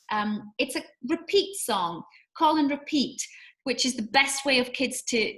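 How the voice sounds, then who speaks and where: Brief: bright high-pitched woman, teacher explaining kids' song time, chatty with ums. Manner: friendly, practical, with frequent fillers. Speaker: English teacher. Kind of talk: instructional talk with sung examples.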